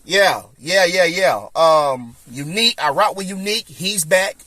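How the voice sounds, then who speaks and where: A man's voice: sits high, lively intonation, a little slow, bright, forceful tone, dry recording. A man hosting a podcast, chatting loosely and rambling with lots of fillers. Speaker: podcast host. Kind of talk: casual chat.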